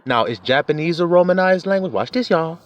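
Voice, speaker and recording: A man's voice: a little high, expressive, fairly quick, lo-fi sound. A man preaching in a casual, emphatic way, cursing freely and chuckling often. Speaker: religious teacher. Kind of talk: informal preaching rant.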